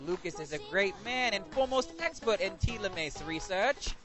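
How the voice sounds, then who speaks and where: A man's voice: high voice, lively intonation, fairly quick, over music. A man hamming up a bombastic game show host. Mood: indignant. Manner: grandiose, indignant proclamations. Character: bombastic male game show host reading an outraged letter.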